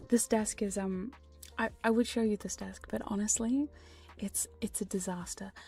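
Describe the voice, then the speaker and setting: A woman's voice: mid-range voice, steady tone, measured pace, darkish tone. A woman streamer in a whispered ASMR stream chat, teasing and playful and swearing casually, recorded close on a binaural dummy-head microphone. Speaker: VTuber streamer.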